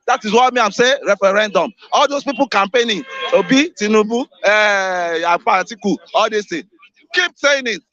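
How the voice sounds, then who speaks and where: Nigerian guy firing off rhetorical questions on a call-in show, bright sharp voice, lo-fi radio sound. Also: high voice, moderate pace, few pauses. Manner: emphatic, rhetorical questions, repeats lines, mixes in Pidgin. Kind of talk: live radio call-in opinion. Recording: dull lo-fi radio audio.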